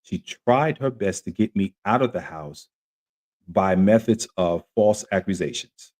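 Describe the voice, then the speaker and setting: A man hosting a podcast, sharing a personal story in an earnest, animated way. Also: deep voice, a little slow. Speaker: podcast host. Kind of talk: casual testimony chat.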